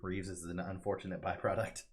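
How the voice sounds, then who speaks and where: Deep-voiced male co-host, eager and foul-mouthed, casual talk. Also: flat delivery, fairly quick, slight background noise. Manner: enthusiastic, profane, acts out quotes loudly. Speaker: co-host explaining the story. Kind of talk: casual chat.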